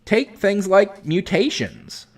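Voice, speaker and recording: Male commentary host, exasperated and lecturing, lively pitch. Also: slow. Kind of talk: critical commentary on a clip.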